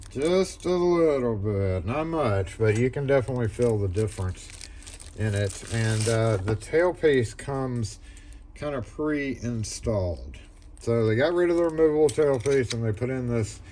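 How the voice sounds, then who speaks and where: Male locksmith vlogger, mid-pitched voice, loose chatty delivery with lots of "uh" and restarts. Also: darkish tone, slight background noise. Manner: rambling, loose, full of fillers and restarts. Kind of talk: casual product review vlog.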